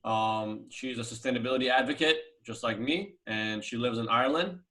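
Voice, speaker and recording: A man's voice: mid-range voice, normal speed, bright, forceful tone. Casual rambling man hosting a video chat. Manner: casual and rambling, heavy fillers. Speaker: host.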